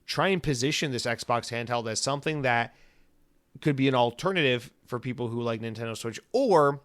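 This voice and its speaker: A man's voice: mid-range voice, moderate pace, fairly bright tone. A man hosting a solo podcast in a casual, rambling way, full of jokey tangents. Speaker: podcast host.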